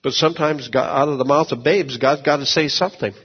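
A man preaching a sermon as pastor, telling folksy stories, repeating words and swinging from low asides to shouted peaks. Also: fast, breathy edge, in a large hall, dull audio.

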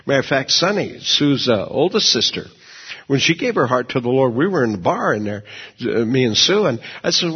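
Male preacher with a husky voice who tells homey stories in the pulpit, recorded muffled and lo-fi. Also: medium pitch. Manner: folksy, conversational, repeats words and restarts often. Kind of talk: sermon with personal storytelling.

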